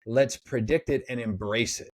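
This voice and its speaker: A man talking as a sports psychologist guest in a casual podcast interview, energetic and acting out pep talks. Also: medium pitch, moderate pace, no echo. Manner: energetic, acts out pep talks in quoted voices.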